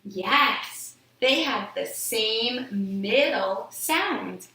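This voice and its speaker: A woman teaching phonics to young children, speaking very slowly with a bouncy, sing-song lilt. Her voice is bright and clear, and it rings in an echoey room. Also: a little high, expressive. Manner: stretches out words and sounds, asks and answers her own questions.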